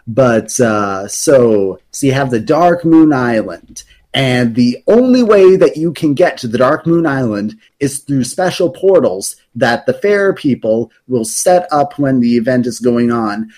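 A man's voice: medium pitch, expressive, measured pace, a little mellow. Rambling man explaining game lore. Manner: rambling, explanatory, many fillers. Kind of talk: casual chat.

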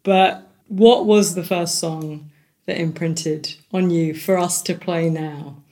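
A woman's voice: lowish voice, fairly even intonation, slow, mellow. A woman hosting an interview, asking questions and laughing readily. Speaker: host.

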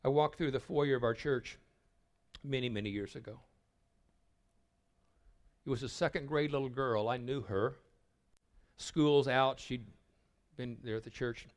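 A man's voice: medium pitch, measured pace, long pauses. Older man preaching with a storyteller's touch. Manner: storytelling, dropping to a hushed voice for tender moments; repeats words when starting a thought. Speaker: retreat speaker. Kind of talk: sermon.

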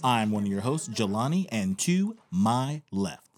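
A man's voice: fairly low pitch, very animated, slight background noise. A man co-hosting a podcast, bantering and teasing his friend in casual chat. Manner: playful, teasing, quick banter. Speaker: podcast co-host.

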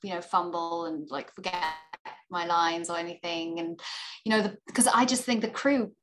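A woman's voice: lowish voice, steady tone, normal speed. A young adult woman with a South African accent, chatting casually as an interview guest and filling her talk with "you know". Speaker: actor and filmmaker guest.

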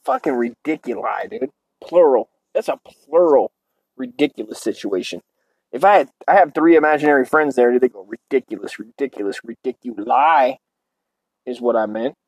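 A man's voice: medium pitch, animated, moderate pace, no room sound, rough recording. Foul-mouthed ranting man, dry close sound. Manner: crude, rambling, swearing constantly. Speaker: show host. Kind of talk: profane comedic rant.

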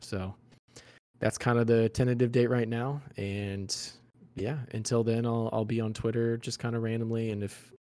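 A young man, a podcast guest, chatting casually in a laid-back, slightly halting way. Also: mid-range voice, little pitch movement, dark tone. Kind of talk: casual chat.

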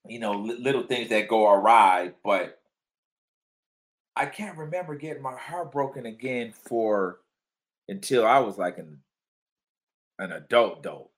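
Slow-talking man co-hosting a chat. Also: medium pitch, expressive. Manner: teasing, laughs loudly, asks probing questions. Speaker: podcast co-host. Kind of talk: casual chat.

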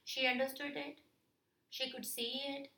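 Bright-voiced woman, encouraging host. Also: sits high, little pitch movement, a little slow, gravelly, echoey room, rough recording. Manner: encouraging, reflective interviewer. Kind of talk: casual conversation.

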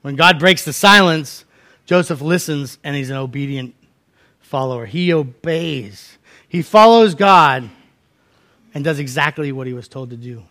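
A man's voice: a little high, unhurried, sharp tone. A man pastor preaching a sermon, telling a scripture story in a folksy, conversational way and acting out the characters' lines. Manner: storytelling, acting out voices in quotes.

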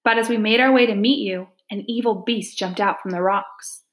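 A woman's voice: medium pitch, fairly even intonation, moderate pace, roomy sound, close to an everyday voice. A woman voicing a frightened little girl who pleads before a tiger spirit in a storybook reading, her voice quivering. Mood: anxious.

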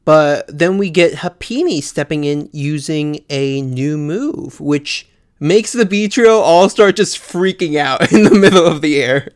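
Smooth-voiced man co-hosting a podcast. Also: a little high, animated, measured pace. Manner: chatty, laughs often, many fillers. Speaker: podcast co-host. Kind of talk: casual chat.

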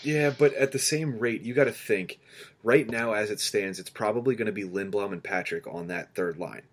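Low-voiced man telling a lively story. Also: moderate pace. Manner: animated storyteller, acts out quotes. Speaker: podcast co-host. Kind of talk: casual sports chat.

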